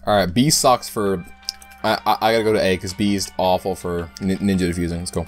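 A young man giving live gameplay commentary, excitable and full of loud outbursts and swearing. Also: lowish voice, normal speed, soft background music. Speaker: gaming YouTuber.

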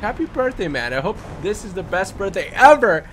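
A young man hosting a game live stream, chatting casually and giving quick, upbeat shout-outs with some stumbles. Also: sits high, very animated, slight background noise. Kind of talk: casual live-stream chat, reading out super chats.

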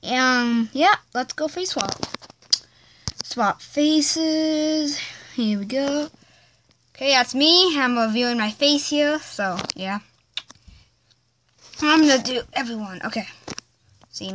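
A woman talks unhurriedly in a slightly high voice, hosting a casual home video from her bedroom. Her chat rambles along with fillers and small restarts as she plays around with an app. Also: a bit bright, a little hiss or hum. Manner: slow, rambling, chatty with fillers. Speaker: video host. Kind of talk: casual chat while playing a phone app.

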